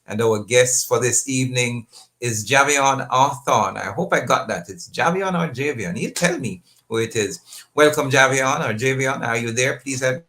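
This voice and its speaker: A man with a Jamaican accent hosting a radio talk show, upbeat and lively, dropping in patois phrases. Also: medium pitch, normal speed. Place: radio studio.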